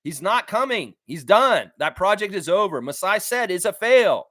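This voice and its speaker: A man's voice: high voice, normal speed, dry recording, clean studio sound. A man hosting a live fan reaction stream, reading chat and answering in a blunt, repetitive way with casual swearing. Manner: blunt, animated, swears freely, repeats himself for emphasis. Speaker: sports stream host.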